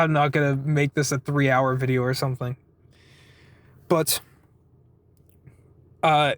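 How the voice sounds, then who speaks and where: A man's voice: medium pitch, a bit bright. A man giving a casual, rambling vlog update. He swears freely, laughs through his stories and keeps wandering off topic. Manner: wandering, self-interrupting storytelling. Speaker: vlogger.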